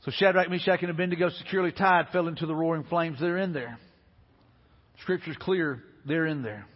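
Husky high-voiced preacher. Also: male voice, a little fast, in a large hall, dull audio. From Alabama, US. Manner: earnest, repetitive, conversational preaching. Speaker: pastor. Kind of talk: sermon. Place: church sanctuary.

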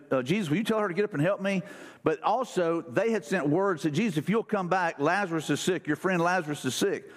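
A man's voice: a little high, big-room sound. A man preaching a sermon as pastor in a casual, conversational way. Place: church sanctuary.

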